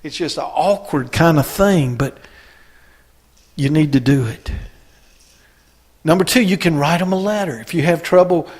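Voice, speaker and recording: A male pastor delivering a sermon in a folksy, conversational way. His voice sits a little high, and he moves between loud calls to his listeners and soft, personal storytelling. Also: moderate pace, long pauses, husky. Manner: folksy, swings from loud exhortation to quiet storytelling.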